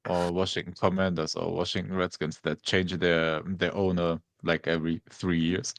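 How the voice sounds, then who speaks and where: Deep-voiced excitable podcast co-host. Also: male voice, moderate pace, creaky, dry recording. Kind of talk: casual chat.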